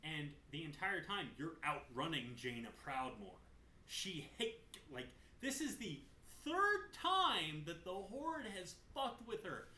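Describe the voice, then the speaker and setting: A man hosting a gaming lore video who recaps the story in a casual way. He is animated, swears, and wanders off on tangents. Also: a little high, slow. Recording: roomy echo, faint room noise.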